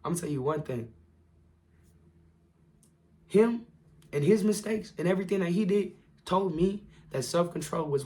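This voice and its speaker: A young man giving an earnest, repetitive motivational talk to camera in casual slang, his voice worn and going hoarse. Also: fairly high pitch. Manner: earnest, repetitive, slangy, calls listeners bro. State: losing his voice. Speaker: motivational vlogger.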